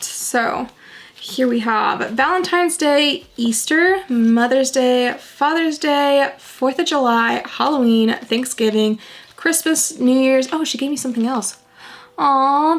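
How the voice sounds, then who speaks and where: Young woman, casual vlog chat, bubbly, slightly high voice, creaky. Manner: bubbly, gushing over a package. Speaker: budgeting vlogger.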